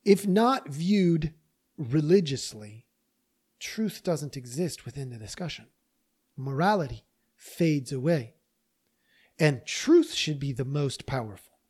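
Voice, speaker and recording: A man hosting a podcast delivers a monologue straight to his listeners. His manner is emphatic and animated. He talks the way someone would when making a persuasive case. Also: fairly high pitch, takes it slowly, long pauses, slightly rough. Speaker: podcast host. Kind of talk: opinion monologue.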